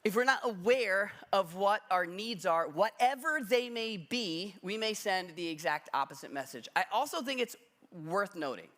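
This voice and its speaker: A man in his thirties preaching a sermon in a church, talking in a relaxed storytelling way with self-deprecating humor. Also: sits high, moderate pace. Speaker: pastor. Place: church sanctuary.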